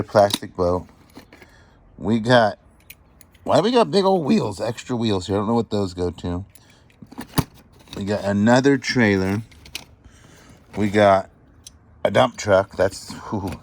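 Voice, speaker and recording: A man vlogging as he sorts a storage unit find, chatting excitedly and appraising each item aloud. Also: lowish voice, takes it slowly, long pauses, slight background noise. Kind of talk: casual show-and-tell commentary.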